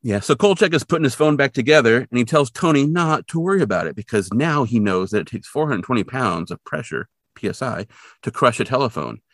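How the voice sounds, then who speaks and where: He co-hosts a podcast and gives an animated, filler-heavy recap of an episode, briefly performing the characters he quotes. His mid-range voice is fairly quick, captured in a clean, dry studio recording.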